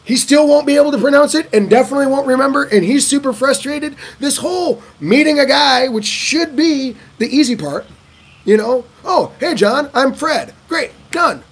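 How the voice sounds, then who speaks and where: A middle-aged man giving casual advice in a Q&A monologue, animated and swearing, acting out conversations. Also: moderate pace. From United States. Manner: animated, swearing, acting out dialogues with lively shifts in pitch and pace. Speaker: vlogger giving advice on living in Vietnam.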